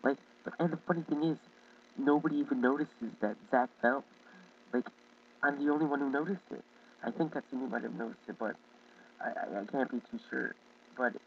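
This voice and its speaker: A man telling a childhood story in a casual vlog, rambling, halting and often breaking into laughter. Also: mid-range voice, recorded from a distance, highs cut off, slight background noise. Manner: rambling, giggly, halting with many restarts. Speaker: YouTube storyteller.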